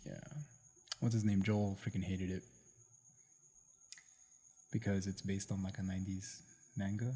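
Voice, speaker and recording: A man's voice: low voice, little pitch movement, measured pace, long pauses, dark tone, breathy edge. A young man hosting a casual podcast chat, jokey and rambling, steering between topics. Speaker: podcast host.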